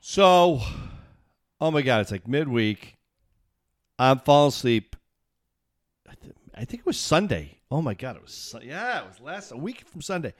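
A man, co-hosting a show and telling a funny story in casual chat, acting out other people's lines in shrieking falsetto. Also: moderate pace, long pauses, dry recording, clean studio sound. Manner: animated, acts out quotes with shrieking falsetto voices. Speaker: show co-host.

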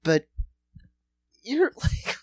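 A man's voice: extremely slow, no echo. A man co-hosting a comedy podcast, riffing crudely and swearing often. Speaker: podcast co-host. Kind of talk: casual comedic chat.

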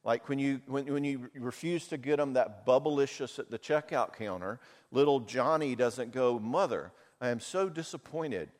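A middle-aged man preaching a sermon, animated and jokey, acting out little voices. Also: medium pitch, normal speed. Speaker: pastor. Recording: long hall reverb.

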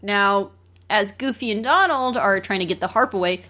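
A woman's voice: mid-range voice, moderate pace. Chatty woman retelling a cartoon. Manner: chatty, laughs easily, animated retelling. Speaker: podcast co-host. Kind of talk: casual film discussion.

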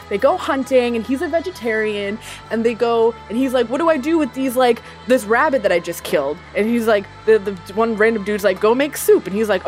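A woman co-hosting a podcast, rambling through a profane, casual movie recap full of "like" and quick asides. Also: medium pitch. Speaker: podcast co-host.

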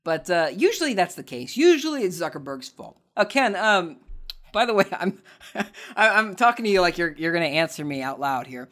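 A man's voice: high-pitched, very animated, moderate pace, a bit bright. Sarcastic ranting podcast host, a man. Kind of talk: casual chat answering listener questions.

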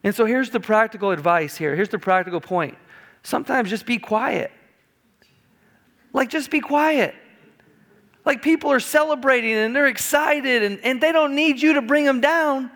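A middle-aged male pastor preaching a sermon in a conversational, animated storytelling way in a church sanctuary. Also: extremely high pitch, normal speed. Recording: long reverb of a church hall.

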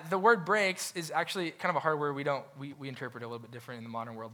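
A young adult man preaching a sermon as a pastor, animated and conversational, acting out quoted voices and restarting his phrases often. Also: mid-range voice.

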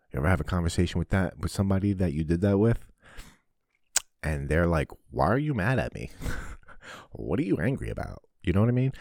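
Blunt, very deep-voiced man. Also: dry recording, clean studio sound. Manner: blunt, profane, animated storytelling. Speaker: podcast host. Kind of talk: casual monologue.

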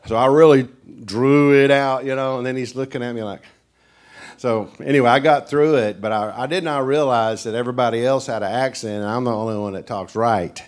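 A man's voice: mid-range voice, a little fast. Folksy East Tennessee preacher man. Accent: East Tennessee Southern. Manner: animated storyteller who acts out characters. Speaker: guest preacher. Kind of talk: folksy sermon storytelling.

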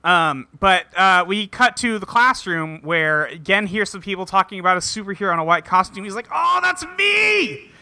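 A man's voice: high voice, moderate pace, few pauses, pushed and bright, slight background noise. A man hosting a casual podcast, recapping TV episodes and briefly acting out the characters' lines, with casual swearing. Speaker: podcast host recapping a show.

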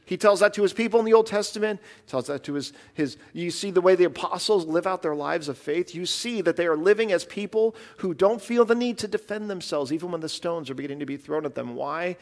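High-voiced man preaching earnestly. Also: quick pace, hardly any pauses. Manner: earnest, conversational preaching with fillers. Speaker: pastor. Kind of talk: sermon. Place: church.

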